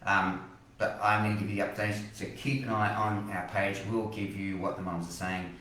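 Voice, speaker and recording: A man's voice: fairly low pitch, fairly even intonation, normal speed, pushed and bright, recorded from a distance, slight background noise. Passionate Australian man ranting in an echoey room. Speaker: weather page host. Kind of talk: live-streamed weather commentary.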